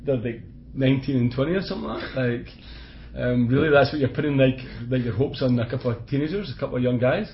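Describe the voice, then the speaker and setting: A Scottish man co-hosting a casual football podcast, chatty and quick to laugh, with blunt opinions. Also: medium pitch, slight background noise. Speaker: podcast co-host. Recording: dull lo-fi podcast audio.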